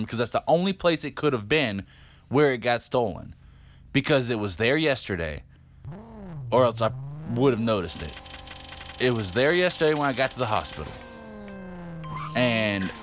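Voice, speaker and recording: Brief: man in his 50s, mid-pitched, casual vlogger, loose and profane delivery. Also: slight background noise. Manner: rambling, profane, lots of fillers. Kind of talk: casual storytelling.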